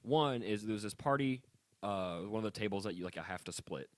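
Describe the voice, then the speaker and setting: Brief: young male podcast co-host, lowish voice that swings all over, dry close sound, ranty and loose. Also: a little fast, no echo. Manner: animated, ranting, laughs often. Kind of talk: casual podcast chat.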